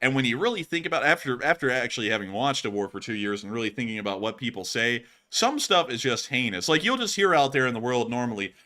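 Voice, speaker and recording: A man hosts a live stream in a mid-range voice that's animated, pushed and bright, talking quickly with hardly any pauses. He chats loosely while reading out donations, with plenty of fillers and laughs.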